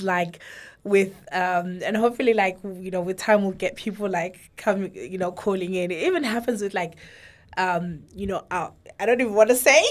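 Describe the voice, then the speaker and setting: A woman from Zimbabwe, co-hosting a podcast, telling a long story in casual chat and checking in with "right?" and "you know". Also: medium pitch. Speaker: podcast co-host.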